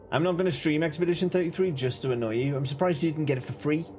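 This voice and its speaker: A man's voice: fairly high pitch, darkish tone. A man hosting a casual live game stream, greeting viewers, joking and reacting to chat. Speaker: gaming streamer.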